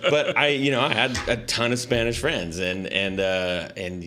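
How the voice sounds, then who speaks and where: A man's voice: low voice, measured pace, pushed and bright, soft background music. A middle-aged man from Southern California hosting a podcast in casual chat, rambling and self-interrupting, laughing often. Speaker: podcast host.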